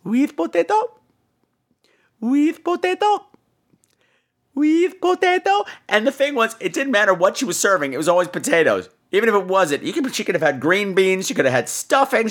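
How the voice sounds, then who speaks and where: Animated, theatrical male storyteller. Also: fast talker, hardly any pauses. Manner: animated, theatrical, crude jokes; acts out quoted people in higher voices. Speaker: podcast host. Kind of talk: casual storytelling.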